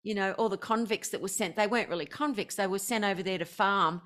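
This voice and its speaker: A woman's voice: mid-range voice, fast, a bit bright. A woman from Australia with an Australian accent, chatting as an interview guest, bubbly and enthusiastic, laughing often. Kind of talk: casual interview chat.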